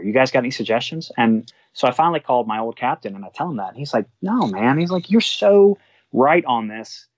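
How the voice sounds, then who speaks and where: A man's voice: medium pitch, dry recording. Storytelling man, dull dry sound. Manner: animated, acts out quoted dialogue. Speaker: fire department supervisor. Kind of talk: casual storytelling.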